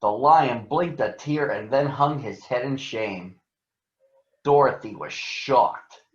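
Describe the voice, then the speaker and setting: A man reading a children's story aloud as a storyteller, in a slow, expressive way. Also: medium pitch. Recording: roomy, dull sound.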